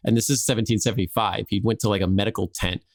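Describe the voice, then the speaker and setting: A man's voice: fairly low pitch, steady tone, fast talker. A man hosting a podcast, telling a history story casually with lots of "like" and jokey acted-out quotes.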